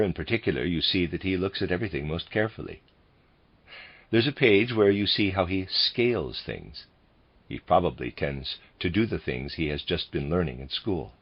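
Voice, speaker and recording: Audiobook reader: a man with a very low, husky voice, measured, on a dull lo-fi recording. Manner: measured, reads bracketed notes aloud. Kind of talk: reading lectures aloud.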